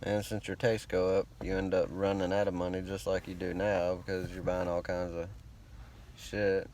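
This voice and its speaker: A man's voice: deep voice, completely flat delivery, moderate pace, a little mellow, slight background noise. A man with a rural American country accent and a laid-back drawl, talking in a rambling, profane, self-conscious vlog monologue. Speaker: vlogger.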